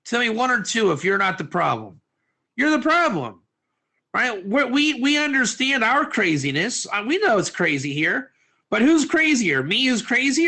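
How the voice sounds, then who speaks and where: A man teaching a lively class, constantly quizzing his listeners and mixing Hebrew terms into his English. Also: extremely high pitch. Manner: animated, quizzes listeners, asks for answers. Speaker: Torah teacher.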